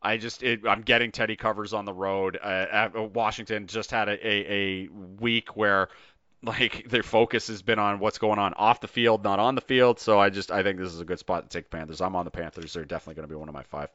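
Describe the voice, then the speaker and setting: A man's voice: fairly low pitch, steady tone, brisk, pushed and bright, no echo, lo-fi sound. A man hosting a casual sports betting podcast, talking in an emphatic, ranting way. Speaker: podcast host.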